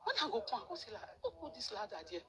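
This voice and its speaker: Brief: middle-aged Nigerian Pidgin woman, quick and animated account, crowd noise behind. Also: a little high. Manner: animated storyteller, repeats words for emphasis. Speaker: interviewee. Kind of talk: emotional personal account.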